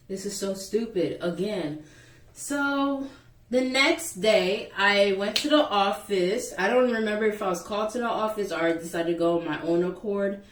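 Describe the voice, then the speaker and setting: A young woman casually telling a school story to the camera, animated and chatty, acting out the people in it. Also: medium pitch, a little slow, recorded from a distance. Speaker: vlogger. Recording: echoey room, a bit off-mic.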